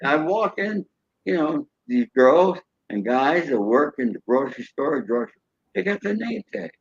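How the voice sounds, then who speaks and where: A man's voice: fairly high pitch, very animated, unhurried, vocal fry, husky, dull audio. An older man, a show guest, telling folksy stories and acting out cheerful greetings in a raised voice. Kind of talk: storytelling.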